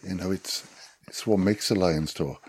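Welsh ex-rugby player, very low voice, dry close sound, chatty storyteller. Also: male voice, moderate pace, husky, no room sound. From Wales. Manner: lively anecdotes, swearing, laughing. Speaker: podcast guest, former rugby player. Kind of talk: casual storytelling chat.

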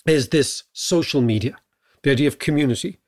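A middle-aged Irish man co-hosting a podcast in casual chat. He muses aloud and keeps checking in with a quick "right?". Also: mid-range voice, a little mellow. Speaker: podcast co-host.

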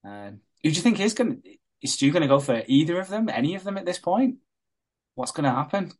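A man's voice: a little high, quick pace. Sweary man recapping with gusto. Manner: animated retelling, swears a lot, laughs often. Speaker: podcast co-host recapping a soap. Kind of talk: casual sweary chat.

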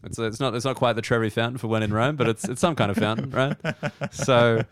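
A man's voice: mid-range voice, fairly even intonation, quick pace, clean tone, no room sound, studio quality. An Australian man hosting a comedy podcast, rambling through riffs and acting out little scenes in casual chat. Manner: rambling, riffing, acts out scenes.

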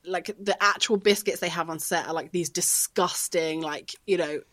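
Chatty woman podcaster, slightly low. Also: fairly even intonation, moderate pace, fairly bright tone. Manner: chatty, rambling, many "like" fillers. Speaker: podcast co-host. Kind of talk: casual chat.

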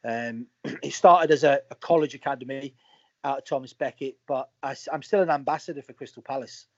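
A man with a medium-pitched voice, once a footballer, talks a little fast as he relays casual anecdotes during an interview, acting out the quoted words of the characters with animation. There's no room sound; the recording is dry and slightly muffled.

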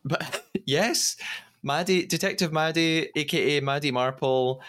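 A man's voice: fairly high pitch, measured pace, fairly bright tone. A man hosting a podcast, recapping episodes in a chatty, storytelling way and laughing often. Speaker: podcast host.

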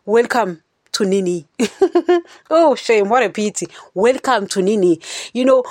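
A woman's voice: fairly high pitch, no room sound, clean studio sound. A woman hosting a podcast, giving an earnest, rambling monologue about faith and often turning to her listeners. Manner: earnest, rambling, keeps saying "you know, guys". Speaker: podcast host.

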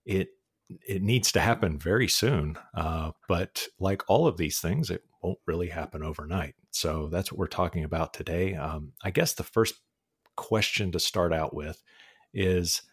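Deep-voiced relaxed man hosting a podcast. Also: moderate pace, breathy edge. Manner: relaxed, chatty, laughs easily, frequent ums. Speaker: podcast host. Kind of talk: casual podcast chat and interview questions. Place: North Texas.

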